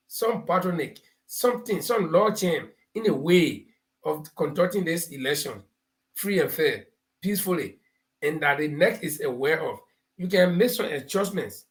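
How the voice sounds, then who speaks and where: A man's voice: sits high, a bit bright. A man with a Liberian English accent hosting a live talk show, giving political commentary and explaining points through homespun parables and stories. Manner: laughs while telling stories.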